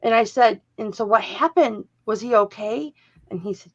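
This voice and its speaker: Gravelly chatty woman on a livestream. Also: a little high, normal speed. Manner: chatty, joking, quotes people in her stories. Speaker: co-host. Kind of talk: casual storytelling chat. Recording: dull lo-fi livestream audio.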